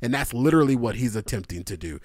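Man, podcast co-host, casual excited chat, laughs a lot, dry recording. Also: medium pitch, fast, no room sound. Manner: excited, swearing, laughing while telling.

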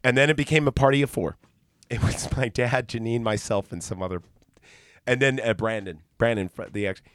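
A man's voice: medium pitch, a little fast, dry recording, clean studio sound. Profane man telling a story. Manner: profane, animated, acts out quoted people. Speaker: podcast host. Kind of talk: casual storytelling chat.

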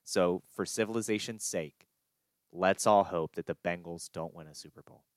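Low-voiced man chatting sports. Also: moderate pace, no room sound. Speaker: podcast co-host. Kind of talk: casual sports chat.

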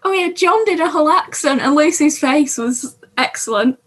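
A woman's voice: sits high, animated, moderate pace. A woman co-hosting a casual podcast, chatting about TV shows from her notes. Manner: chatty, reads from notes, self-interrupting. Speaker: podcast co-host.

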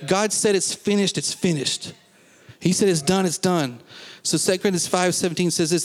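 Male pastor, mid-high voice, emphatic sermon delivery with call-outs to the room, reverberant hall. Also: normal speed. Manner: emphatic, repeats phrases, asks the congregation questions. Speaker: preacher. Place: church.

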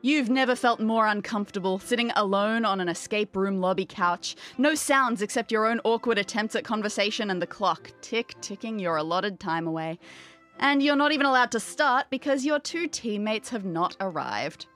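A woman narrating a tabletop game as game master in the second person, lively and wry. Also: mid-range voice, normal speed, soft background music.

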